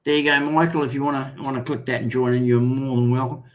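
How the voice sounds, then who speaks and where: A man's voice: mid-range voice, little pitch movement, fast talker. An older Australian man hosting a casual live stream, rambling and swearing, calling viewers mate and son.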